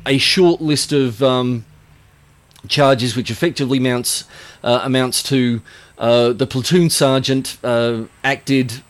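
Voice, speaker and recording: A man's voice: medium pitch, steady tone, slow. Rambling male game master. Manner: rambling, full of "uh" and restarts. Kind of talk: narrating a tabletop game.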